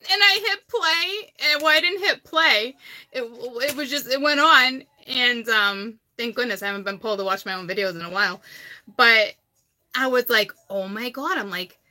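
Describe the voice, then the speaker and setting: A woman's voice: mid-range voice, bright, forceful tone, dry recording. A woman from Massachusetts with a Massachusetts accent, chatting casually and rambling on a live tarot stream, often repeating herself. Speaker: tarot card reader on a livestream.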